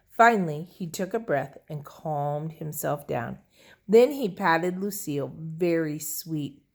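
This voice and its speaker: Slow, expressive woman reading a storybook. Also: sits low, creaky. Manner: expressive, playful. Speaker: audiobook reader. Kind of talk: storybook narration.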